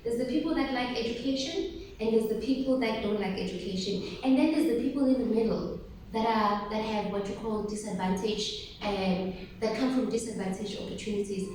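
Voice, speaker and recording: A woman giving an animated motivational workshop talk to teenage girls, asking them questions and calling for their replies. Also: medium pitch. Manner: animated, asks the audience questions and calls for replies. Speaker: workshop speaker for teen girls. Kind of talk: motivational talk to a live group. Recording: very echoey room, voice from far off, faint noise.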